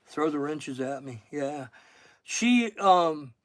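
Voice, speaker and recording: A man's voice: a little high, lively intonation, takes it slowly, no room sound. A middle-aged man with a Southern accent, a fishing guide hosting a casual livestream, chatting in a rambling way and thanking viewers by name.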